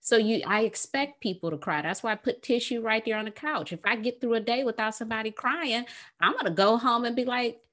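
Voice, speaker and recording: A woman therapist with an American accent, talking on a podcast, lively and laughing often as she acts out quoted phrases. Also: on the high side, brisk. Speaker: therapist guest. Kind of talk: podcast conversation.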